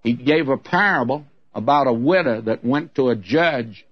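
A man's voice: mid-range voice, moderate pace, dry recording, muffled recording. A man preaching an expository sermon as a radio Bible teacher, earnest and folksy, with candid humorous asides.

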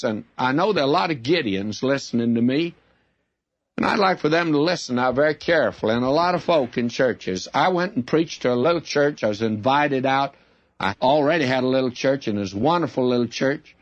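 A man's voice: mid-range voice, no room sound. A male preacher giving a folksy, conversational and emphatic Bible-teaching sermon. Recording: dull dry lo-fi recording.

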